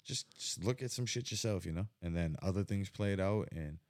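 A man's voice: sits low, normal speed, a little mellow, no echo. A man co-hosting a podcast, talking in a rambling, profane, casual way full of fillers. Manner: rambling, lots of fillers and restarts. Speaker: podcast co-host.

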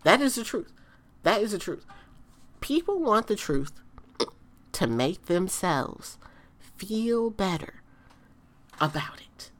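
A woman's voice: mid-range voice, big pitch swings, takes it slowly, pauses often. A woman in a casual ranting monologue, blunt and emphatic, who repeats her points and swears freely.

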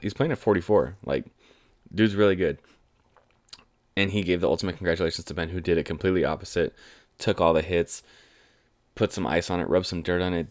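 A man's voice: sits low, no echo, studio quality. A man in his twenties giving an enthusiastic, chatty fan's take on football. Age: 20s. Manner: chatty, enthusiastic fan rambling. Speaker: sports commentator. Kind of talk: casual sports talk monologue.

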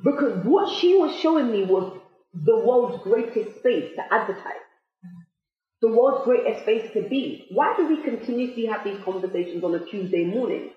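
A woman's voice: a little high, expressive, moderate pace. Woman motivator, emphatic and questioning, heavy echo, tinny line. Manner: emphatic, with repeated rhetorical questions. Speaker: motivational speaker. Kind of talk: motivational talk to listeners. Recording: very echoey, tinny phone-like sound.

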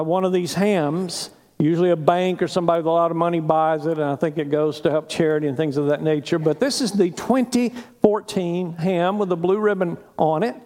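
A male pastor preaching a sermon earnestly, pausing for emphasis. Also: high voice, a little mellow, in a large hall.

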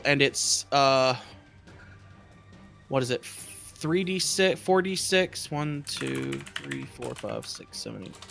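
Gravelly, lively-voiced player man. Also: medium pitch. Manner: thinks aloud, counts dice under his breath, jokey. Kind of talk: casual tabletop game chat.

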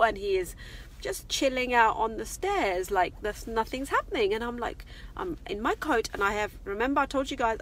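A woman's voice: a little high, a bit bright. A middle-aged woman chatting casually and confidingly on a live vlog from her parked car. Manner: chatty, confiding, laughs often. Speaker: vlogger.

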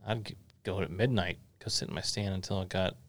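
A man's voice: sits low, steady tone, a little fast. A middle-aged man hosting an interview, chatting in an easygoing, rambling way as he thinks aloud. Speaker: podcast host. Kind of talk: casual interview chat.

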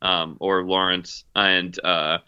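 A man's voice: low voice, level tone, slow, smooth, no room sound, lo-fi sound. A man chatting casually about movies, rambling with lots of fillers and restarts. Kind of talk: casual chat.

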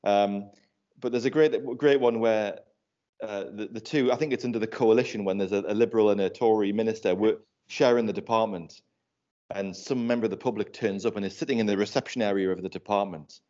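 A man's voice: on the low side, a little fast, dark tone. A man in a casual panel chat, talking loosely and laughing while he tells anecdotes. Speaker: panel guest. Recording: dull lo-fi sound.

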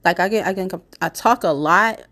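A woman with a stuffy, blocked-nose voice from a cold talks alone into her podcast mic. Her voice sits a little on the lower side. She rambles in a loose, casual way, filling gaps with "you know" and "like". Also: normal speed, sharp tone. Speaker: podcast host. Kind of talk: casual solo podcast talk.

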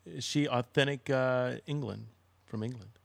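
A man's voice: medium pitch, normal speed, creaky, dry recording. A man co-hosting a podcast, bantering playfully in casual chat. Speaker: podcast co-host.

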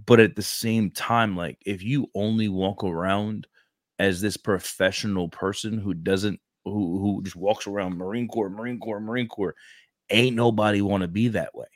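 Young brooklyn guy, kinda low voice, says bro constantly, super dry close mic. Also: moderate pace, no echo. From Brooklyn, New York. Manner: slangy and animated, says "bro" often. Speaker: podcast host, recruiter. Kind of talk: casual podcast chat.

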